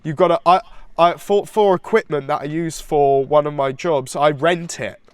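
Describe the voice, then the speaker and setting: A man with a slightly high voice co-hosts a casual music podcast, sounding stuffy and congested from hay fever. He rambles eagerly, restarting sentences, recorded close on a dry, deadened mic. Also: normal speed, clean tone, no room sound. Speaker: podcast co-host.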